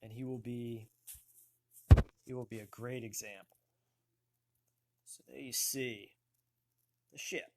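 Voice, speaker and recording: A man hosting a casual online talk show, slowly thinking aloud as he looks things up on a computer. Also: mid-range voice, steady tone, gravelly, background noise. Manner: slow, thinking aloud while searching. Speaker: host.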